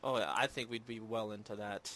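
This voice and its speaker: A man's voice: on the low side, fairly even intonation, brisk, a bit bright. Man casually hosting a movie podcast. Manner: rambling, self-deprecating, lots of fillers. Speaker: podcast host. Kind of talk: casual chat. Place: home in Minnesota.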